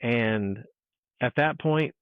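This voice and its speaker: A man telling a personal encounter story in casual chat, animated and full of restarts, acting out what people said. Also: mid-range voice, extremely slow, smooth, no room sound. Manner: animated storyteller, restarts, acts out quoted dialogue. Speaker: guest. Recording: tinny phone-like line.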